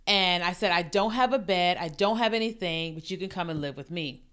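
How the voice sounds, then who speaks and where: A woman podcast host telling a personal faith testimony, animated and storytelling, acting out the voices of people she quotes. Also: mid-range voice, brisk, hardly any pauses.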